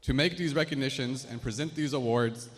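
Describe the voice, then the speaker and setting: A man's voice: mid-range voice, fairly quick. A man reading a scripted announcement to introduce the next speaker at an event. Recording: long reverb in a large hall.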